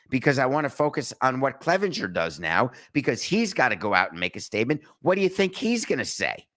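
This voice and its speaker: Middle-aged male sports podcast host, slightly low pitch, sharp bright tone, indignant and rhetorical. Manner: indignant, rhetorical questions, mock-reads statements. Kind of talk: opinionated solo sports commentary.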